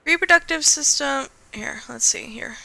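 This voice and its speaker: A woman chats casually while she streams a game. Her voice is a little high and bright, with a gravelly fry. She talks playfully to herself as she plays. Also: normal speed, dry recording. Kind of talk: casual gaming commentary.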